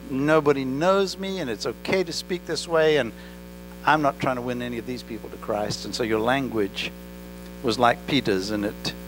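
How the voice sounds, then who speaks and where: A pastor with an accent preaching a sermon in church, talking directly to the congregation and asking them questions. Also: male voice, mid-range voice. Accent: non-native English accent. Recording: faint mains hum. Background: mains hum.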